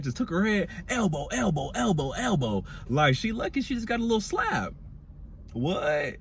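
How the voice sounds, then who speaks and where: A young man with a Black dialect, giving a sassy, animated casual review of a reality show. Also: normal speed, vocal fry, slight background noise. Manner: animated, sassy, mimics cast members in high voices. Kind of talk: casual commentary.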